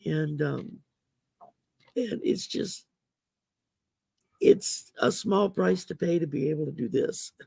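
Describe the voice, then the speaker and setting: A woman hosting a casual livestream chat, her voice growly from damaged vocal cords, rambling and halting with many fillers. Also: sits low, creaky, mellow, breathy edge, no room sound. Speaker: host.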